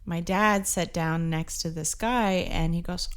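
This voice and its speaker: A woman's voice: fairly low pitch, fairly even intonation, measured pace, noisy background. A woman from Indiana, a comedian guest on a podcast, telling family stories casually with many ums and laughs. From Indiana, USA. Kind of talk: casual storytelling.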